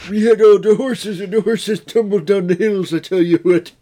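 A man voicing a rambling, cranky old man in a deliberately bad impression. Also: high voice, fairly even intonation, dark tone, a little hiss or hum, voice pushed up, close to an everyday voice.

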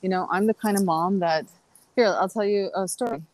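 A middle-aged woman appears as a guest on a casual podcast, chatting briskly at a medium pitch. She rambles through her stories with fillers and restarts, and the recording quality is low.

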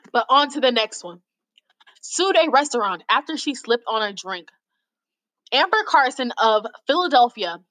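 A woman with a high-sitting, fairly bright voice hosts a casual video, reading out lawsuit stories. She comments on them in a mocking, exasperated tone and sometimes stumbles over the text. Audio is poor.

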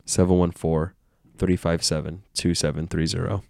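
A man's voice: low voice, little pitch movement, normal speed, vocal fry, a little mellow, no echo, clean studio sound. A man hosting a solo podcast, talking in a playful, meandering stream of consciousness from his bed at home. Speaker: podcast host. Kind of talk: rambling solo podcast monologue.

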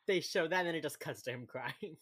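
Young woman podcast co-host, very deep voice, casual chatty recap delivery, laughs a lot. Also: brisk, fairly bright tone, slightly rough. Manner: chatty, laughs often, acts out quoted lines. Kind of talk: casual chat.

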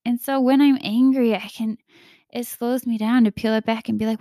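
A woman's voice: on the high side, steady tone, moderate pace, warm tone, dry recording, clean studio sound. A woman hosting a podcast, talking in a casual, earnest, confiding way and acting out the voices she quotes. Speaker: podcast host. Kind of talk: casual reflective monologue.

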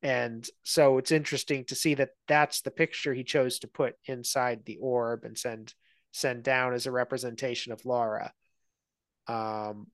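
A man's voice: mid-range voice, dry recording. Man, guest film analyst, thoughtful and rambling delivery, dry close sound. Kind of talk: casual conversation.

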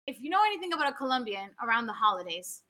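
High, bright-voiced tipsy woman podcaster. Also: big pitch swings, rapid-fire. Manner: loud, joking, swearing. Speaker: podcast co-host. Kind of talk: casual podcast chat.

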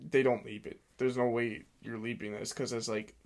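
A man's voice: mid-range voice, level tone, normal speed, darkish tone. A young man co-hosting a podcast, chatting casually in a nasal voice and laughing often. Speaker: podcast co-host. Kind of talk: casual chat.

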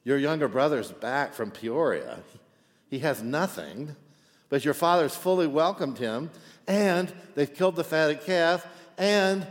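A man's voice: a little high, animated, unhurried, long reverb tail, pitched above the performer's own voice. A man preaching voices a chatty servant eagerly passing on news, in a sermon retelling. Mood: excited. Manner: gossipy, eager, telling news.

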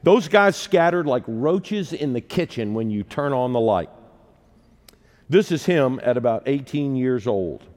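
A man in his sixties preaches from the pulpit and tells his stories with self-deprecating humor. His voice sits at an ordinary middle pitch. It rings out with the long reverb of a large church sanctuary. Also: lively intonation, unhurried, darkish tone. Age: 60s. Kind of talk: sermon with personal storytelling.

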